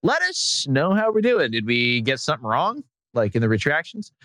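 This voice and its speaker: A man's voice: medium pitch, sing-song, normal speed, bright, forceful tone, no room sound. A man hosting a podcast in casual comic chat, joking and laughing often. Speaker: podcast host.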